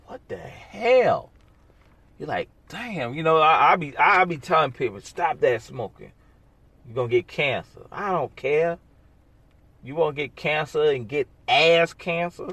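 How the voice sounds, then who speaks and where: A man's voice: mid-range voice, fairly bright tone, a little hiss or hum. A man hosting a podcast alone, rambling casually with blunt, sarcastic asides. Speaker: podcast host. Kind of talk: casual solo podcast monologue.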